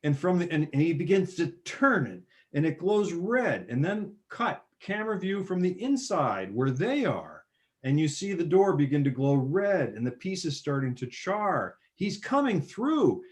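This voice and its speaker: A man in casual chat, retelling movie scenes with animated bursts of excitement. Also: fairly high pitch, normal speed. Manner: animated storyteller, acts out film scenes with sudden loud bursts. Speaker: podcast guest.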